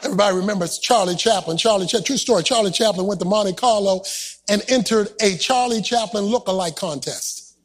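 A man preaching a sermon in a rhythmic, half-sung style that keeps rising into shouts. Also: high-pitched, fairly quick. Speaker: pastor.

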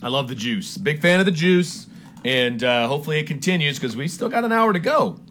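A man's voice: a little high, very animated, a little fast, fairly bright tone, a little hiss or hum. Laid-back male sports radio co-host. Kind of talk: casual sports talk.

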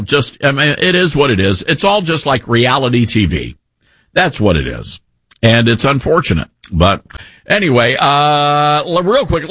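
Animated husky-voiced male radio host. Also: on the high side, no echo. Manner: animated, conversational storytelling with repeated restarts. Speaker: radio talk show host. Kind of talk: conservative talk radio monologue.

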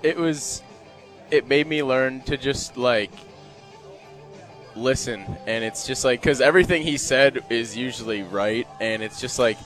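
A man in his twenties, a volunteer assistant coach, answering interview questions in a halting, rambling way. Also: mid-range voice, fairly bright tone, soft background music. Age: 20s. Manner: halting, full of fillers and restarts. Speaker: guest, former player and volunteer assistant coach. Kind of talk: radio interview.

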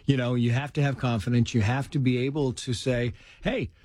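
A middle-aged man tells personal stories as a guest, his pitch leaping as he acts out the people he quotes. The sound is dry and close. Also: brisk, no room sound. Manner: animated, acts out quoted voices with big pitch jumps. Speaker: guest author. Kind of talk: storytelling in casual conversation.

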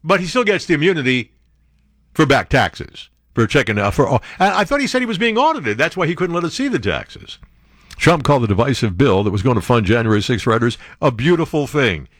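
A man hosting a show, reading news stories aloud and breaking off into sarcastic, wisecracking asides and animated outbursts. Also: mid-range voice, a little fast, no room sound, clean studio sound. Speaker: show host. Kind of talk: reading news with running commentary.

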